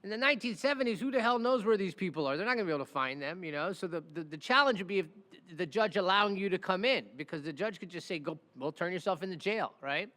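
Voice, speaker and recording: A man who works as a criminal defense attorney and hosts a podcast, telling stories in an animated, casual way. He keeps asking "right?" and acts out the people in his stories. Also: high voice, quick pace, hardly any pauses, in a large hall. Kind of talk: casual storytelling chat.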